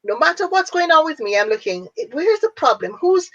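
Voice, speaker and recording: A woman in her fifties from Jamaica, with a Jamaican accent, telling her story as an interview guest in an animated way and laughing often. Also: high voice, a little fast. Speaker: guest, speaker and businesswoman. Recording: dull lo-fi audio.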